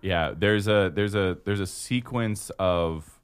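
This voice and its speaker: A man's voice: deep voice, slow pace, clear, resonant tone. A man co-hosting a casual podcast, recapping a movie in a wry, laughing way with casual swearing. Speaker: podcast co-host.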